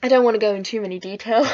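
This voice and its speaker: A woman's voice: a little high, darkish tone, no echo. A young woman telling a personal storytime vlog in a chatty, emotional, giggly way, in a slightly muffled recording. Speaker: vlogger.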